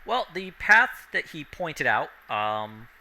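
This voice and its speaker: A man running a tabletop game and describing the scene in a loose, rambling way full of fillers. His tone is very bright, and faint ambient noise sits behind him. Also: on the high side, very animated, slow, vocal fry, rough recording. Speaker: game master.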